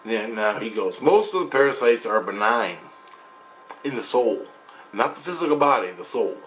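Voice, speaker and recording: Man, mid-pitched voice, hosting his own channel, rambling monologue with lots of restarts, faint background noise. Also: expressive, fairly bright tone. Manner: rambling, halting storytelling with many restarts. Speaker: channel host sharing spiritual experiences. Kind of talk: casual spoken recounting of a dream.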